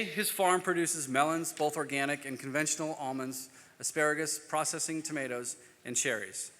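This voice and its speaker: Bright-voiced man introducing a panel. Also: a little high. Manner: reads bios with slips and self-deprecating asides. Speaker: panel moderator. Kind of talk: reading speaker introductions at a conference. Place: conference stage in a large hall. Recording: long hall reverb.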